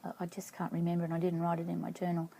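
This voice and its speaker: Casting: middle-aged woman, low gravelly voice, halting personal vlog storytelling. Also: monotone, mellow, slight background noise, poor audio. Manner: halting, reflective, often checks notes. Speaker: vlogger.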